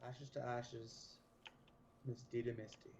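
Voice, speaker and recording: A man's voice: mid-range voice, little pitch movement, slow pace, background noise. A man streaming a video game, chatting casually with dry joking quips. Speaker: streamer co-host. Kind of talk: casual chat while gaming.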